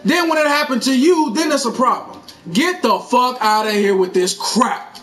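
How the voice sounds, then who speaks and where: A man hosting a gaming channel, ranting about a video game in an angry, sarcastic and profane way, shouting in bursts of outrage. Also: very high-pitched, normal speed, faint music behind. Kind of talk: angry gameplay rant.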